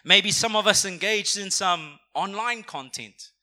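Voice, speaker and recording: A young man preaches to a church congregation in an energetic, conversational way, often asking them to repeat words back to him. His voice sits high, with a very bright, forceful edge. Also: unhurried. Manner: energetic, conversational, calls for audience response. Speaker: pastor. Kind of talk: sermon. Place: church auditorium.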